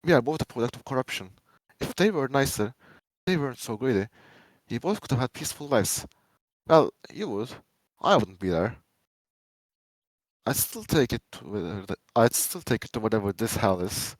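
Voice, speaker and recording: Theatrical man reading a dark monologue. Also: mid-range voice, sing-song, moderate pace, long pauses, no echo, low-quality recording. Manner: theatrical, swinging between menacing loud lines and hushed pleading ones. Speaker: fan fiction reader. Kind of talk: dramatic reading of a first-person monologue.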